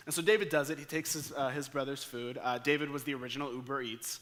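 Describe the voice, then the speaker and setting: American guy preaching, bright ringing voice, acts out the quotes. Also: mid-range voice, quick pace. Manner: energetic storyteller acting out quoted lines. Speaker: pastor. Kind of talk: sermon.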